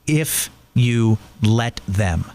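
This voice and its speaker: A man's voice: lowish voice, animated, drawn-out words, a little mellow. A man hosting an interview show, chatting earnestly and telling stories from his own life. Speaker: talk show host. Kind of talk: conversational interview.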